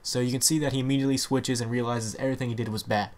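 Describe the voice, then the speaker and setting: A man's voice: mid-range voice, steady tone, rapid-fire. A young man giving casual, rambling commentary on video game lore from home. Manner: rambling, hedging, with frequent "pretty much" fillers.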